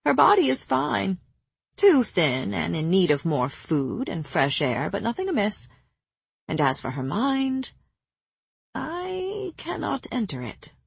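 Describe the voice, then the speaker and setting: Lady doing a super old stern healer, slow and quiet, breathy, dry close sound. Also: medium pitch, very animated, no echo, full character voice. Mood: grave. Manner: slow, measured, quietly firm. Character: ancient stern female healer, blunt and patient.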